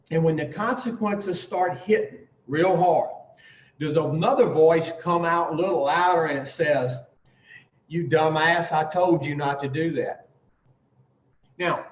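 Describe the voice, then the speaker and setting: Blunt man teaching recovery in an echoey room. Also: a little high. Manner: emphatic, drawn-out pauses, blunt with profanity. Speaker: recovery speaker teaching the twelve steps. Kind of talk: informal recovery talk to a group. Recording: roomy, distant, dull lo-fi sound.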